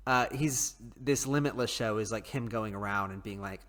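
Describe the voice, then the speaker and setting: A man's voice: on the low side, steady tone, normal speed, few pauses, a bit bright. A man in casual podcast chat, rambling from one joke to the next and laughing often. His voice trails off into a long reverb. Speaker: podcast co-host.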